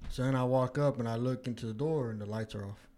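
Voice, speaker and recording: A man in casual chat, telling a story with lots of swearing and high-pitched quoted voices. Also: quick pace, mellow.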